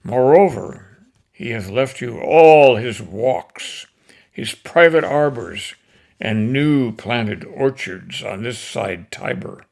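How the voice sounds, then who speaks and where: A man's voice: medium pitch, lively intonation, slow pace, gravelly, a little mellow. A man reading the part of a grieving Roman orator, declaiming to stir a crowd. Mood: impassioned. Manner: impassioned, declamatory.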